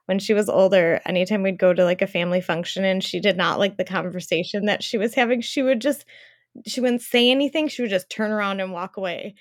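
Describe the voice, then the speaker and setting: A woman's voice: medium pitch, fairly quick, no room sound, studio quality. Sarcastic, jokey woman co-host. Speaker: podcast co-host. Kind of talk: casual chat.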